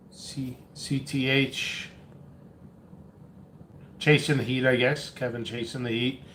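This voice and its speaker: A man's voice: on the high side, fairly bright tone, reverberant. A man hosting a casual live chat, rambling and chatty on coffee, a little out of breath. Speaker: pepper seed seller and channel host. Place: indoor home workspace.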